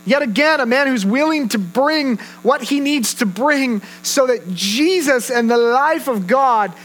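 A male pastor preaching a sermon, telling stories with animated delivery and acting out quoted voices. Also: very high-pitched, a little slow, low-quality recording.

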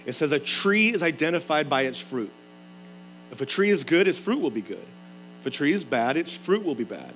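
A man's voice: fairly high pitch, big pitch swings, a little fast, fairly bright tone, soft background music, poor audio. A man preaching a sermon in an earnest, emphatic way, reading scripture aloud and explaining it. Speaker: pastor.

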